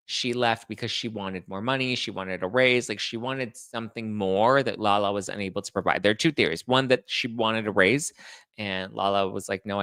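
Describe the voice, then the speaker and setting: A man hosting a casual chat show, reading viewer comments aloud and answering them with sarcastic, animated remarks. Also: fairly low pitch, gravelly, no room sound, studio quality. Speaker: host.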